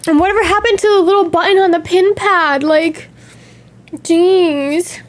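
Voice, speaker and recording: A young woman streamer in casual chat, telling stories in a chatty, animated way with gasps and laughs. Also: very high-pitched, a little slow. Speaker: VTuber streamer.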